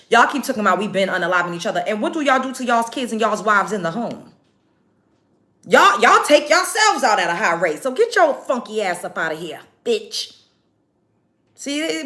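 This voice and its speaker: Woman, bright forceful voice, brash profane livestream chat. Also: medium pitch, big pitch swings, normal speed. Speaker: livestream host. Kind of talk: casual livestream chat reading comments. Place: home, doing makeup on camera.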